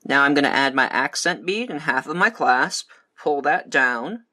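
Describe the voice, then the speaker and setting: Bright, methodical man teaching a craft. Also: mid-range voice, normal speed. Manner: calm, methodical step-by-step instructions. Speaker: beading instructor. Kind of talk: step-by-step craft tutorial.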